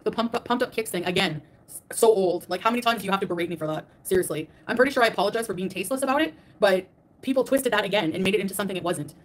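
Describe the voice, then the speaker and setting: A woman's voice: mid-range voice, rapid-fire. A woman streamer ranting defensively on a livestream, emphatic and repetitive as she answers her critics. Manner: defensive and emphatic, repeats herself. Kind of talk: livestream rant.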